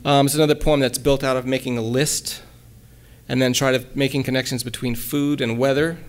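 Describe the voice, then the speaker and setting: A man giving a relaxed lecture at a college, hesitating often with ums and restarts and reading his own poems aloud. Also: mid-range voice, fairly quick, slight background noise. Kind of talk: casual lecture with poem readings.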